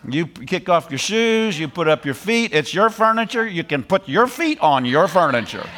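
A middle-aged man preaching a sermon, animated, repeating phrases and laughing as he drives points home. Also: sits high, normal speed, slight background noise.

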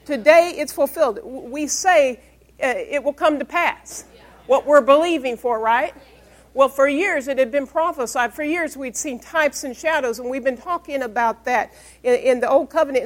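A woman pastor preaching a Bible-study sermon. She reads scripture aloud and asks her congregation questions to prompt their answers. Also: sits high. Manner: emphatic, call-and-response questions.

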